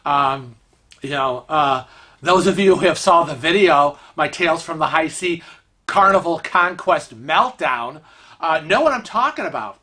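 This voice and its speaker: A man tells a story casually on his vlog, full of "you know" and "um," chuckling as he goes. His voice has a bright, forward tone. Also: a little high, animated, measured pace. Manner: chatty, many fillers, laughs while telling. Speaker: vlog host telling a travel story.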